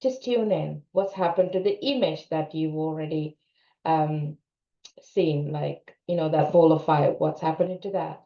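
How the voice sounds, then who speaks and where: A woman with a lowish voice leads a guided EFT tapping session, giving calm, steady instructions and repeating short phrases for the listener to say. The sound is roomy and a little dull, like a lo-fi recording in an echoey space. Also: measured pace. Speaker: co-parenting coach.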